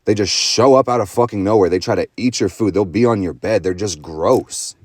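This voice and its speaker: A man's voice: on the low side, a little fast, darkish tone, no room sound. A young man in a profane, intense motivational astrology monologue, full of slang and swearing. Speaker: astrology vlogger.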